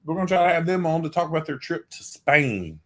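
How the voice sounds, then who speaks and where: A man's voice: fairly high pitch, big pitch swings, fast talker. A man with a Southern US accent co-hosting a casual livestream, teasing and rambling as he chats. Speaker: co-host of a travel livestream.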